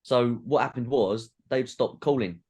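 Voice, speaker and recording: A man's voice: mid-range voice, a little slow, a little mellow, slightly rough. A man in his thirties with a Geordie accent, a podcast guest telling rambling, self-deprecating anecdotes in casual chat.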